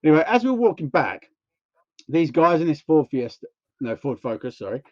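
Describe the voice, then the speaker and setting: In a fairly high voice, a little fast, a man co-hosting a casual podcast rambles through a long story and acts out what people said. The recording is muffled, with no echo.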